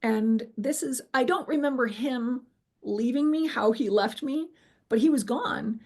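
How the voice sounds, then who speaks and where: Telling an interviewer about nearly dying, a middle-aged woman speaks in a somewhat high, gravelly voice. Her account is lively, full of acted-out quotes, frequent fillers, and restarts.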